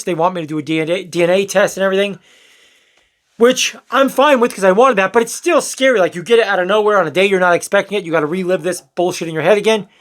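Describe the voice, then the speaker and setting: A man's voice: sits high, fairly bright tone. A young man telling a personal story in a candid, rambling way, swearing now and then and acting out what people said. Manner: candid, rambling, swears, acts out quoted lines. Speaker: storyteller vlogger. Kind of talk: casual storytelling to camera.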